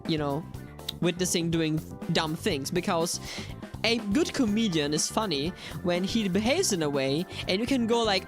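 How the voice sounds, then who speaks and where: A woman, a game streamer chatting playfully with viewers and repeating herself in excitement. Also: fairly low pitch, moderate pace, music in the background. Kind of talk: live-stream chat answering viewers.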